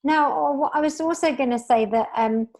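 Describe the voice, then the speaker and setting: A woman's voice: sits high, moderate pace, darkish tone. A woman guest on a podcast chatting over a video call, talking enthusiastically and gushing about her work. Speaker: podcast guest, sales coach. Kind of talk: casual video-call chat.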